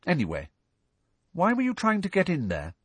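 A man voicing a clever, firm teenage schoolgirl in an audiobook reading, talking in a crisp, measured and grim way. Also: high voice, huge pitch swings, dry recording, voice pushed up, heavily acted. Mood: cool, firm.

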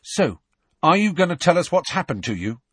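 Stubborn teen boy, man reading it, quick and direct, husky lively voice. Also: a little high, dry recording, pitched above the performer's own voice, exaggerated voice. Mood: persistent. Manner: direct, persistent. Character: determined teenage schoolboy.

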